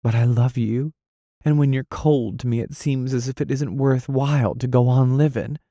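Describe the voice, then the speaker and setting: A man reading an audiobook voices a lovesick young woman who speaks in a breathy, pleading, tremulous way. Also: medium pitch, steady tone, normal speed, dark tone, no room sound, studio quality, voice pushed up, natural voice. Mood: tender.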